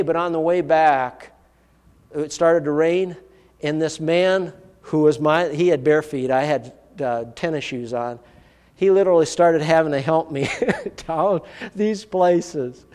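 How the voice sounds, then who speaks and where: A man preaching a sermon, telling a personal story in an earnest, vivid way. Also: high voice. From United States. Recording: long hall reverb.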